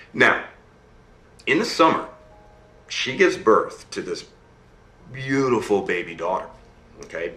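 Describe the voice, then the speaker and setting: A man telling a fairy tale in an animated storytelling style, often checking in with his listener. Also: on the low side, roomy sound, full character voice.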